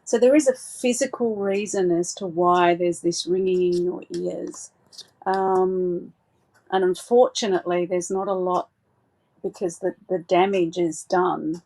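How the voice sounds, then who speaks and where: A woman giving a live psychic reading, gentle and reassuring, with frequent hesitant fillers and restarts. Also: on the low side, steady tone, unhurried.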